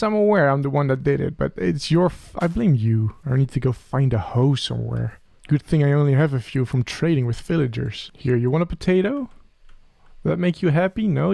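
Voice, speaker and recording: A man hosting a role-played Minecraft let's play, talking softly and earnestly to a creature in the game. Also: a little high, normal speed, vocal fry, no room sound.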